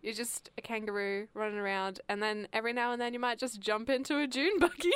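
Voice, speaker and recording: A woman's voice: on the high side, brisk, clear, resonant tone, no echo. A woman hosting a casual podcast chat, laughing often between sentences. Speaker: podcast host.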